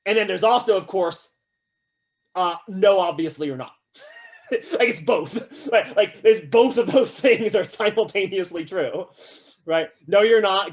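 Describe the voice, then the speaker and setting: High-voiced casual man lecturing. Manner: casual, animated, frequent "right?" and "like"; acts out quoted voices with humor. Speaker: philosophy lecturer. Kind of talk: classroom lecture.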